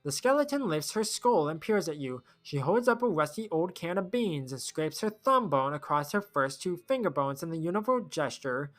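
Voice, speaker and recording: A streamer playing a game who reads the text aloud, thinks out loud and often trails off with fillers. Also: medium pitch, sing-song, moderate pace, hardly any pauses.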